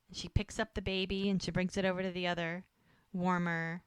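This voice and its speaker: Animated woman retelling a TV episode. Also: fairly low pitch, brisk, clean tone, no echo. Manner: acts out characters' lines while retelling scenes. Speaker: podcast co-host recapping a show. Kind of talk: casual chat, animated retelling.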